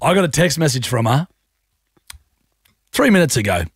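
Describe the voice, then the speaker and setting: A man's voice: medium pitch, big pitch swings, normal speed, breathy edge, no room sound, clean studio sound. A man hosting a radio show, telling a story in casual banter with a self-mocking streak. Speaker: radio host. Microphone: studio microphone.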